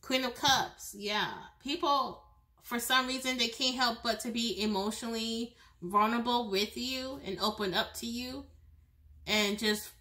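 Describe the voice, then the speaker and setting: In a bright, forward voice that's a little high, a tarot reader does a pick-a-card reading at an unhurried pace and steady tone. She chats loosely with the viewer directly, restarting sentences now and then and bursting into laughs.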